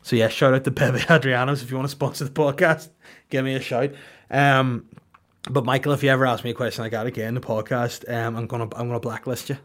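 A young man, a podcast host, runs through a loose, crude comic monologue, drifting from bit to bit and slipping into goofy put-on voices. His ordinary mid-range male pitch stays steady, with a fast pace and fairly bright tone.

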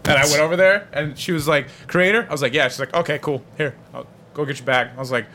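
A man's voice: a little high, fast talker, slight background noise. A young man in casual podcast chat, joking and acting out what people said. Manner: lively, jokey, acts out quotes. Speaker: podcast co-host.

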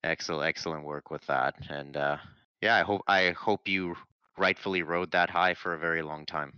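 Low-voiced man host on a dull mic. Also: steady tone, normal speed, sharp tone, clean tone, no room sound. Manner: laid-back, joking, reads questions from the chat. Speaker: podcast host. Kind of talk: casual chat.

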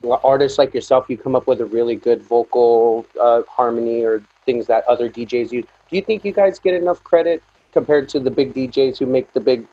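A man's voice: mid-range voice, a little fast, few pauses, no echo, muffled recording. A man interviewing a guest, polite, asking long rambling questions with hesitant restarts.

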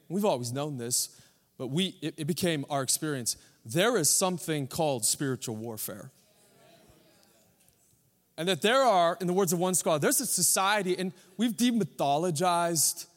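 A young man who is a pastor, preaching a sermon in a joking, rambling way; he says he is tired. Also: on the high side. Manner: joking, rambling, self-deprecating. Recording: long hall reverb.

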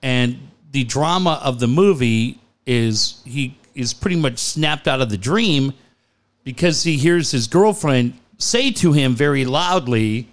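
A middle-aged man, a radio co-host, retelling an old listener story in casual chat with quick, animated delivery. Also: medium pitch, a little hiss or hum.

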